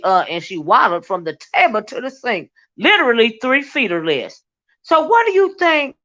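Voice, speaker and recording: Woman livestream host, sassy gossip commentary, drawn-out asides, lo-fi dull stream audio. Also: medium pitch, fairly bright tone. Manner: sassy, drawn-out asides of "child", reads chat comments aloud.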